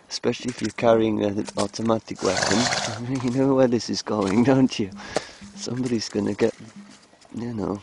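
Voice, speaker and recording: A man's voice: on the low side, fairly even intonation, normal speed, vocal fry, noisy background. A man filming in a cold outdoor field, rambling and joking in loose commentary to the camera, breaking into chanted mantras. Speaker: vlogger filming animals.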